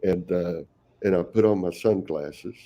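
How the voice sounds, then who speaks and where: A man's voice: sits low, unhurried, dark tone. An older man with a Texan accent, a folksy storyteller who chuckles often as a guest on a video call. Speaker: guest, professional Santa Claus. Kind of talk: casual interview conversation.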